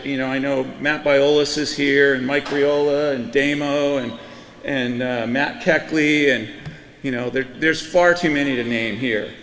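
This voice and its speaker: A man's voice: mid-range voice, fairly bright tone. Joking middle-aged man in an echoey hall. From Florida, US East Coast. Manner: loose, joking storyteller with many fillers. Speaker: hall of fame inductee. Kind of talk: acceptance speech with a storytelling anecdote. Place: ceremony hall on a PA system. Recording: echoey hall with a long reverb tail, faint room noise.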